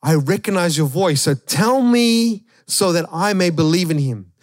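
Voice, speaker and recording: A man's voice: medium pitch, fairly quick, darkish tone, no echo, clean studio sound, natural voice. A pastor voicing a healed blind man who speaks up boldly and eagerly.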